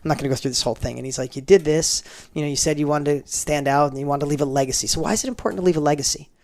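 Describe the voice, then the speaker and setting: A man's voice: fairly high pitch, very fast. A middle-aged man, a guest in an interview, telling a personal story emphatically and acting out the dialogue. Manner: emphatic, animated, acts out quoted dialogue.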